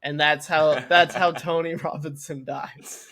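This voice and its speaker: A man's voice: a little high, steady tone, measured pace, bright, forceful tone. A young man co-hosting a casual comedy podcast, riffing on jokes and laughing often. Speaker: podcast co-host.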